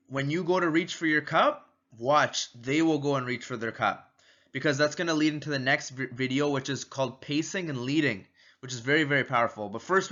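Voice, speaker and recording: A man with a bright, forceful voice, a bit higher than most, teaching in a casual, energetic way. He keeps repeating his key points and now and then acts out quick exchanges. The audio is slightly dull and lo-fi. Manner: energetic, repetitive, acts out little door-step exchanges. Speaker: sales and marketing trainer.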